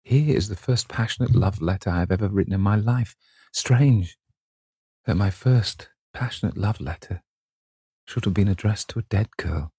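A man voicing a young, passionate and vain English gentleman, with theatrical emotion. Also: on the low side, breathy edge, no echo, clean studio sound. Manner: impassioned, theatrical.

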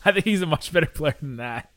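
A man's voice: a little high, animated, normal speed, fairly bright tone, dry recording, studio quality. A man co-hosting a sports podcast, chatting casually with rambling asides and frequent laughs. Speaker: podcast co-host.

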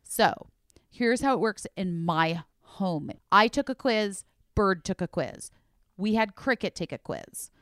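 A bubbly, chatty woman hosting a podcast and reading ads with plenty of enthusiasm. Her voice is smooth and clear, recorded close and dry. At times she drops down low and quiet to make a point land. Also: lively intonation, slow pace, no echo. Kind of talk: casual chat ad read.

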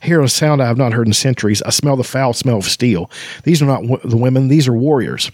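A man voicing an ancient, weary female dragon with a husky, sleepy voice, reading from a fantasy novel. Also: mid-range voice, fast, a little mellow, no echo, clean studio sound, close to an everyday voice. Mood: menacing.

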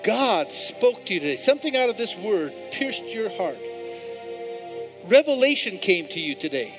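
A male pastor preaching a sermon in a church, swinging between hushed, intimate passages and loud, repeated calls to the congregation. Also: high voice, sing-song, normal speed, music in the background. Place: church sanctuary.

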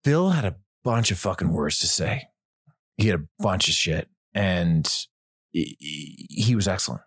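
A man, an actor guest on a podcast, telling stories in a lively, swearing, stop-start way. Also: low-pitched, a little slow, breathy edge, no room sound, clean studio sound. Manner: animated storyteller, frequent restarts, swears. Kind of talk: casual podcast chat.

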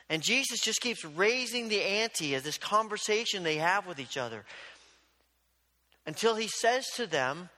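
High, bright-voiced preacher in a reverberant hall. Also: male voice, lively intonation, a little slow. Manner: storytelling preacher who acts out quoted exchanges. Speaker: pastor. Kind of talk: sermon.

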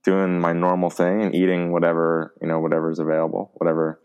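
A man's voice: low voice, fast, smooth, lo-fi sound. A young man, chatting casually and laughing through fillers. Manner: relaxed, laughing, trailing fillers. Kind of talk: casual chat.

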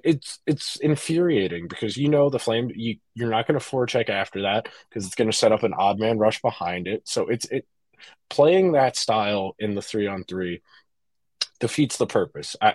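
A man co-hosting a casual hockey podcast, opinionated and animated, often restarting his sentences. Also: on the low side, no echo. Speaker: podcast co-host.

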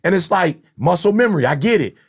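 Middle-aged male podcast host, high and gravelly, slangy and animated storyteller. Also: quick pace. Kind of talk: casual chat.

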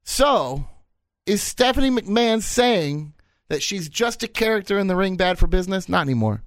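A man in his thirties hosting a solo podcast, talking in an animated, rambling way and repeating his points for effect. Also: sits high, normal speed, no room sound. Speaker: podcast host.

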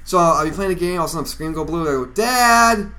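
A young man co-hosting a podcast, chatting casually and telling animated stories, shouting when he quotes people. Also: a little high, very fast, a loud crowd. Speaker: podcast co-host. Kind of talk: casual chat.

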